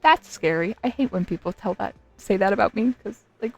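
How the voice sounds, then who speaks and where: Young woman, giddy gameplay commentary, gushing, repeats herself, gravelly vocal fry. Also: mid-range voice, expressive, a little fast, highs cut off. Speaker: gaming video creator. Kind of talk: excited casual gameplay commentary.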